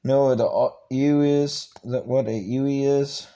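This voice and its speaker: A man reading aloud and voicing a harsh, bullying male Marine drill instructor who growls crude orders, with halting restarts. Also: medium pitch, fairly even intonation, warm tone, natural voice, rough recording. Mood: growling.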